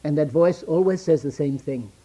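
A man preaching a sermon, swinging between loud declamation and hushed near-whisper, quoting scripture in old-fashioned wording. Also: on the high side, moderate pace, breathy edge.

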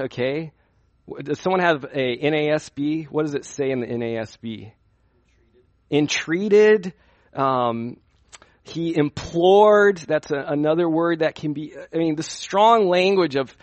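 A man's voice: on the high side, moderate pace, no echo, lo-fi sound. A young man preaching at a youth conference in a conversational way, asking his listeners questions as he teaches. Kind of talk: sermon.

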